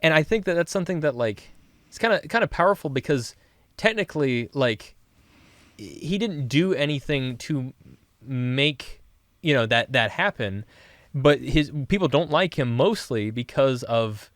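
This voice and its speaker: A man's voice: medium pitch, lively intonation, unhurried, a bit bright, no room sound. A man co-hosting a podcast, chatting casually in a laid-back, rambling way with many fillers. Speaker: podcast co-host.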